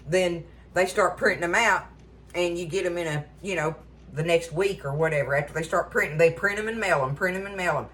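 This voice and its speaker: A woman's voice: mid-range voice, a bit bright. A middle-aged woman, chatting casually to viewers about cooking in her home kitchen. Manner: folksy and chatty, addresses viewers as y'all. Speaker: cooking show host.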